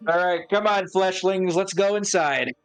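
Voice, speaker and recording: A man's voice: high voice, normal speed, smooth, pitched above the performer's own voice, natural voice. A man playing a blunt robot herding fleshlings. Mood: bossy. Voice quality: plain voice, robot filter absent. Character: blunt robot party member calling others fleshlings.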